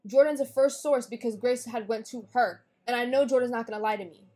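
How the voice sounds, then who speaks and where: A young woman with a slightly high voice tells a story in casual podcast chat. She is blunt and swears freely, animated as she replays arguments. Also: a little fast. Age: young adult. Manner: blunt, profane, animated retelling of a fight. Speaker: podcast guest.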